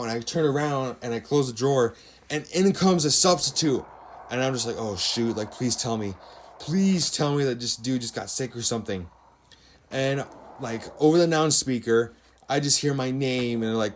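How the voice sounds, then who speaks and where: A man's voice: mid-range voice, a little hiss or hum. A teenage boy casually telling a personal story over gameplay, rambling with lots of fillers and acting out quoted dialogue. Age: teens.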